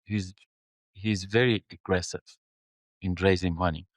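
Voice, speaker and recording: A man with a fairly low voice tells a story to a podcast host, acting out the dialogue as he goes. His pitch swings widely as he voices each exchange. The sound is dry and close. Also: measured pace, no room sound. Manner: animated storyteller who acts out dialogue. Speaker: mining company chief executive.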